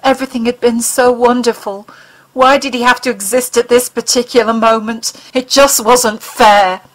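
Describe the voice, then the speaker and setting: A woman narrating an audiobook in an expressive, dramatic reading style. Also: on the high side, moderate pace, rough recording.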